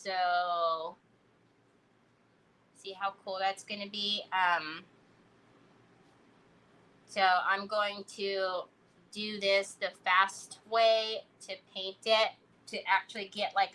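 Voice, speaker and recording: A woman hosting a live crafting stream, chatting casually and telling animated stories as she works. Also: mid-range voice, poor audio. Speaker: craft livestream host.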